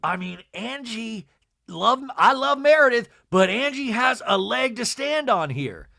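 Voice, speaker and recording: A man hosting a comedy podcast, recapping reality TV in a lively, camp way full of jokey asides. His voice sits high for a man and sounds bright and sharp. The close mic sits in a dry, dead room. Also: unhurried, creaky, dry recording. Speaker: podcast host.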